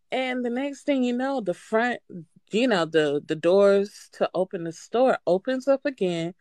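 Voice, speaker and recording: Female caller, casual, profane, very expressive pitch, dry sound. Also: dry recording. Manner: animated, swearing, breaks into nervous laughter. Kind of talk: casual storytelling.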